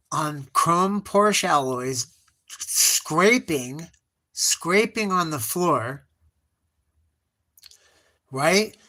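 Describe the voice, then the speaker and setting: A middle-aged man draws on a live stream while spinning rambling, nostalgic stories in profane slang, calling his listener "bro" and "dog." His high, bright voice is forceful, and his casual monologue keeps trailing off and starting over.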